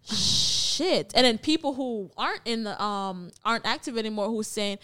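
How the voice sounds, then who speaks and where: A woman's voice: on the high side, moderate pace, hardly any pauses, sharp tone. A young woman co-hosting a podcast, talking bluntly and emphatically in casual chat, swearing freely. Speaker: podcast co-host.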